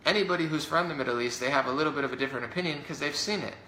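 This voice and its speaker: A man delivering a heated, indignant political rant to camera, talking fast with many fillers and mocking his opponents. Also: on the high side, pushed and bright, slight background noise. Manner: rapid, indignant, mocks opponents in put-on voices. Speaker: political commentator. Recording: roomy echo.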